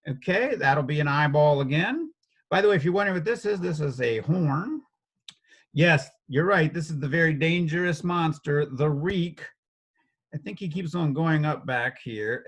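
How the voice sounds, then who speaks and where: A man's voice: on the high side, fairly bright tone. A man teaching a casual step-by-step drawing lesson, talking playfully as he sketches and chuckling often.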